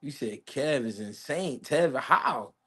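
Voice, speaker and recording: A man's voice: medium pitch, takes it slowly, slightly rough, no room sound, clean studio sound. A man hosting a live-stream boxing talk show, arguing heatedly and talking to his chat. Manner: heated, animated, talks to chat. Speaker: host.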